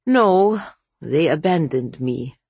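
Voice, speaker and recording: Proud, scheming old storybook witch voiced by a woman: husky, sharp-edged, unhurried. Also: sits low, expressive, no room sound, exaggerated voice. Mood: cold. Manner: sharp, imperious and cold.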